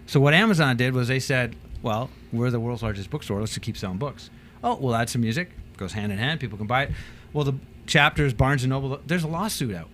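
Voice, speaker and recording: A man talking as a business trainer and guest on a talk show, telling animated stories and acting out quotes in changing voices. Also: mid-range voice, fairly quick, slight background noise. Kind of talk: casual talk show chat.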